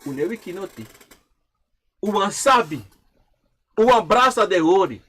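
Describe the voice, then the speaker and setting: A man giving a spoken teaching on ancestral tradition over a livestream. He repeats phrases in a chanting way and swings from loud to hushed. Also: sits high, animated, normal speed, pauses often, husky. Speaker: livestream speaker.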